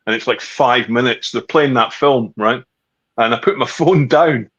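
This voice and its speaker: A man's voice: medium pitch, normal speed, slightly rough, highs cut off. Sweary middle-aged Scottish man. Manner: swears freely, animated storyteller. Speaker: guest. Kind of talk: casual chat.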